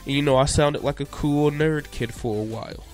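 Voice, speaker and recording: A man's voice: fairly high pitch, normal speed, a little mellow, faint music behind. A young man narrating a casual video commentary in a playful, conversational way with jokey asides.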